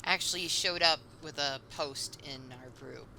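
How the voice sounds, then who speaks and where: A woman's voice: low-pitched, unhurried, gravelly, bright, forceful tone, slight background noise, low-quality recording. A woman co-hosting a casual podcast, making short, wry remarks. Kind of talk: casual chat.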